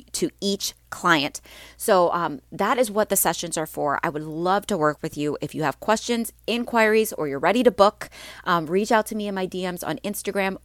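A woman with a lowish, slightly stuffy voice talks to her listeners in an upbeat, chatty way, full of ums and restarts. The sound is dry and close, with no room around it. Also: a bit bright, no room sound. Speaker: podcast host and mindset coach. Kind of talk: casual solo podcast talk.

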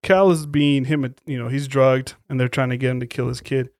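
A man co-hosting a casual chat, retelling movie scenes in a profane, animated way. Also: mid-range voice, fairly quick, dry recording, clean studio sound. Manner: profane, animated storytelling with quoted voices. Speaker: podcast co-host.

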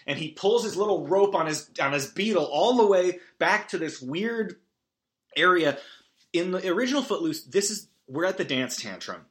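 A man hosting a podcast, recapping a movie in a rambling, self-deprecating way with big animated swings. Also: mid-range voice. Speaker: podcast host.

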